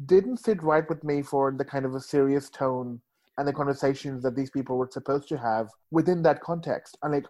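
A man's voice: mid-range voice, mellow. A man discussing a film in casual conversation, easygoing, laughing easily and stumbling over his words. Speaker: film podcast panelist.

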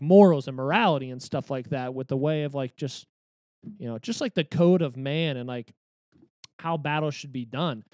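A man in casual podcast chat, rambling with many fillers and restarts. His voice sits a little high. The sound is close and dry. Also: no room sound. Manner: animated, rambling, lots of fillers. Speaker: podcast co-host.

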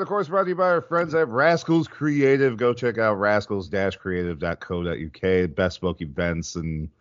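A man's voice: fairly low pitch, fairly bright tone, dry recording. A man hosting a football podcast, chatting casually with many restarts and reading sponsor plugs. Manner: rambling, restarting, laughing often. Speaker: podcast host. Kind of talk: casual football chat and ad reads. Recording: dull lo-fi podcast audio.

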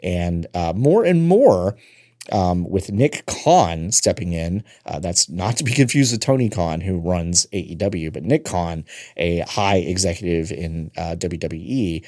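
A man's voice: deep voice, unhurried, darkish tone, no echo, clean studio sound. A man hosting a podcast, talking in a loose, meandering, conversational way. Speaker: podcast host. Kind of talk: casual podcast talk.

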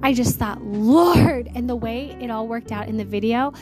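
Excited woman podcast host, music behind. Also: a little high, a little fast. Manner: excited, gushing, addresses listeners as "you guys". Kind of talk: casual faith podcast talk and prayer.

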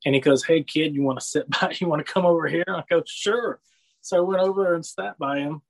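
This fast-talking man has a fairly high pitch, fairly even intonation and some vocal fry, and the recording is rough. In a casual chat he wanders through old wrestling stories, laughs a lot and keeps saying "you know what I mean."

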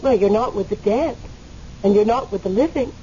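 Woman playing a dead woman's spirit, radio drama, gently teasing, unhurried, mellow tone, faint hiss. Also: mid-range voice, muffled recording, lightly acted. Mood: calm, teasing.

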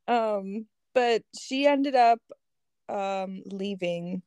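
A woman's voice: medium pitch, drawn-out words, dark tone, clean tone, dry recording. A woman telling a story in a casual chat, laughing often as she talks. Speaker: guest.

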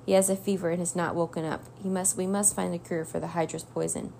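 A woman reading the part of a calm older male wizard mentor in a measured, grave way. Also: fairly low pitch, vocal fry, slight background noise.

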